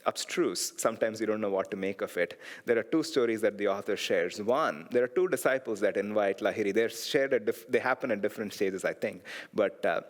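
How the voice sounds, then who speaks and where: A man teaching a class, telling stories in a reflective, digressive way and laughing softly now and then. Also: medium pitch, big-room sound. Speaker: meditation teacher. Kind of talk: storytelling class lecture.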